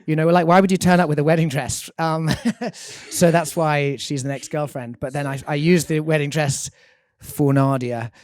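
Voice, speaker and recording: A man's voice: on the high side, fairly even intonation, normal speed, hardly any pauses, darkish tone, dry recording. A man from England with an English accent, a guest on an interview telling anecdotes in a dry, self-deprecating way, recorded in a studio. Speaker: guest singer-songwriter. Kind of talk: casual interview chat.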